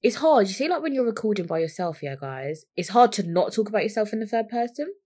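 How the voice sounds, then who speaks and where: A woman's voice: medium pitch, sing-song, quick pace, darkish tone. A young woman hosting a solo podcast, rambling, cheeky and swearing freely as she chats into the microphone. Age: young adult. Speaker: podcast host.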